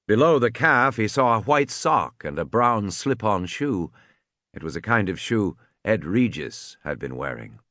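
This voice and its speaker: A man's voice: fairly low pitch, sing-song, unhurried, bright, forceful tone, no room sound, studio quality. A man narrating an audiobook in a tense, dramatic storytelling manner.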